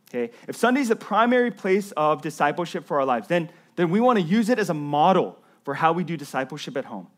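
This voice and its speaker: A young adult man preaching a sermon as a pastor, earnest and conversational, often checking in with the congregation. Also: a little high. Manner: earnest, conversational preaching with frequent "right?" asides.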